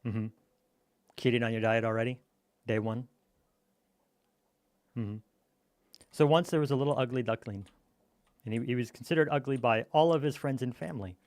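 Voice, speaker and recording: A man's voice: mid-range voice, moderate pace, pauses often, darkish tone, no echo. A man chatting casually while gaming, telling a silly campfire story in a playful, teasing way.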